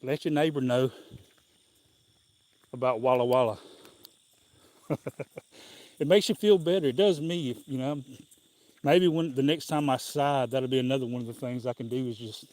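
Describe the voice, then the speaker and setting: A man with a Southern US accent hosts a casual live stream while out on a walk. His voice sits at an ordinary middle pitch, and he talks in a loose, folksy, meandering way, breaking into small chuckles. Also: moderate pace, pauses often, darkish tone, dry recording. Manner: rambling folksy storytelling, chuckling often. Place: outdoors on a walk.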